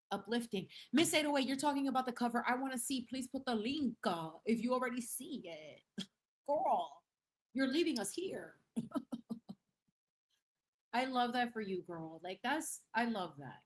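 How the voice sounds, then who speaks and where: A young adult woman hosting a casual livestream, reading viewer comments in a playful, effusive way, laughing often and dropping in Spanish phrases. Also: on the high side. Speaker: livestream host.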